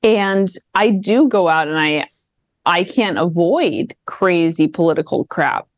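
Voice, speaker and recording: A woman with a faint Midwestern accent, a podcast guest talking politics in rapid, animated bursts with frequent restarts. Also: lowish voice, no room sound. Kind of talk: casual political chat.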